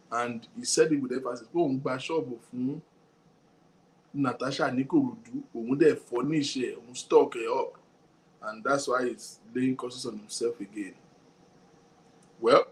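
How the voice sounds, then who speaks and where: A man with a Nigerian accent hosting a show, commenting in a measured way on a clip and on viewer comments. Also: medium pitch. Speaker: host.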